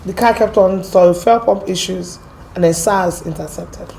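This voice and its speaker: Low-voiced woman with an American accent. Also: a little slow, gravelly, slight background noise. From Port Harcourt, Nigeria. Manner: lively and animated, with laughs. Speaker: guest sharing her story. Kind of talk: casual storytelling.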